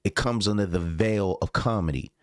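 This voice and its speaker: A man's voice: on the low side, moderate pace, no room sound, clean studio sound. A man co-hosting a casual commentary chat, emphatic and a bit preachy, tagging lines with "man" and "son". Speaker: podcast co-host.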